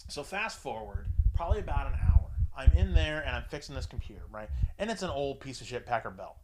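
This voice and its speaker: A man's voice: mid-range voice, a little fast, background noise. A man telling a crude, profane story in casual chat, acting out the voices of the people in it. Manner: profane, animated, acts out voices in his anecdotes. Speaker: podcast co-host telling a story.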